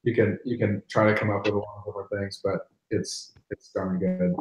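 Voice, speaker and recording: A man's voice: lowish voice, level tone, brisk, echoey room, low-quality recording. A middle-aged man hosting a barbecue channel, chatting casually and animatedly, often repeating words as he goes. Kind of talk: casual live-stream chat.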